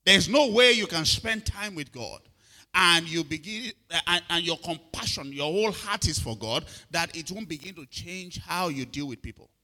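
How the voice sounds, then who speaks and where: A middle-aged pastor preaches a sermon in a fairly high, bright, forceful voice, expressive and at a moderate pace. He often asks whether listeners are following and repeats his words.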